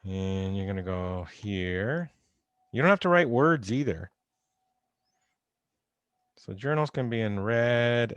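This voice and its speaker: A man's voice: on the low side, clean tone, no room sound, dull audio. Man teaching chemistry over video call. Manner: conversational, repeats key points, stresses warnings. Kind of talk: recorded online lecture. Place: home or office on a video call. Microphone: computer microphone.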